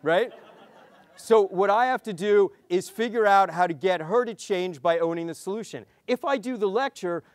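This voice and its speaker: A man, a pediatrician, giving a conference talk, telling clinic stories and acting out the dialogue in a lively way. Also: high-pitched, moderate pace, dry recording, clean studio sound. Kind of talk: conference lecture.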